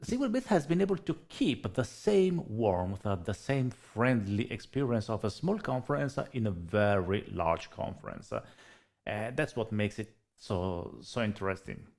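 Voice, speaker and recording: A man with an Italian accent chatting casually as co-host, often pausing on fillers. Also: fairly low pitch, creaky. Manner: animated, hesitant with many fillers. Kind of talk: casual livestream chat.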